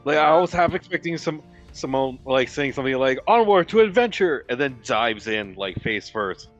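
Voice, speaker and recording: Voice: medium pitch, moderate pace, fairly bright tone. A player cracks jokes during a tabletop game. His voice sounds dull and lo-fi, with faint music behind it.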